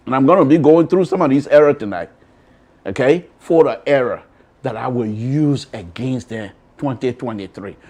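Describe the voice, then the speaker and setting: A man's voice: mid-range voice, lively intonation, normal speed. A man with a Liberian accent hosting a political talk show, speaking emphatically and repeating himself for effect. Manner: emphatic, repetitive, shifts between loud and quiet. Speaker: radio show host. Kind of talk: political commentary.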